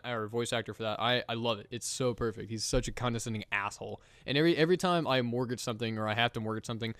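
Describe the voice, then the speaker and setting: Animated young man, dry close mic. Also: medium pitch, dry recording. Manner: animated, laughs and mimics game voices. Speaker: podcast co-host. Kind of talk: casual gaming chat.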